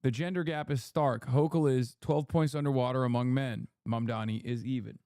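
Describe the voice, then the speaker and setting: A man streams casual political commentary, swearing and ranting as he reads chat and polls. His medium-pitched voice is steady and a little mellow at normal speed. The studio-quality sound has no echo.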